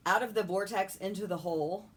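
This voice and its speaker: A woman's voice: mid-range voice, a little fast, slight background noise. A woman co-hosting a podcast in casual chat, laid-back and matter-of-fact. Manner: laid-back, lists items matter-of-factly. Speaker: podcast co-host and author.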